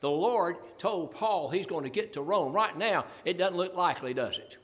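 A man delivering a sermon in a high voice, pressing his listeners with repeated rhetorical questions and the odd chuckle. His voice rings out with a long reverb, as in a large hall. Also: animated, moderate pace, fairly bright tone. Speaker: preacher.

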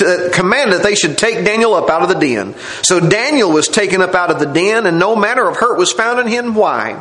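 A man's voice: high voice, fairly bright tone, reverberant, rough recording. A man preaching a sermon, telling the story dramatically and acting out the scenes.

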